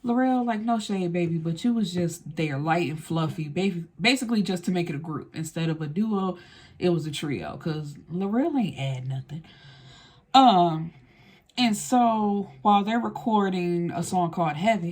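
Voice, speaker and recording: A woman's voice: on the low side, expressive, normal speed, a little mellow. A woman recapping a film in a casual, blunt and slangy way, swearing freely as she retells the story. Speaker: film reviewer.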